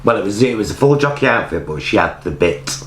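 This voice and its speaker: Deep-voiced camp English man, chatty. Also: very animated, a little fast, a bit bright, reverberant, a little hiss or hum. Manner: camp, gushing, playful. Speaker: co-host reviewing a TV show. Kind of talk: casual chat.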